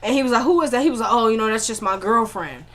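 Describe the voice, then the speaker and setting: A woman's voice: fairly high pitch, fast, fairly bright tone. Chatty woman recapping a TV episode. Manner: chatty retelling that acts out the characters' dialogue in quotes; frequent filler "like" and running asides to viewers. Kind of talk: casual spoken recap of a TV episode.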